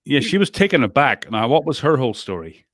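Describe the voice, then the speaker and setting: A male podcast host asks relaxed questions to keep a casual interview going. His voice sits at an ordinary middle pitch. The sound is dry and close. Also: brisk, no echo.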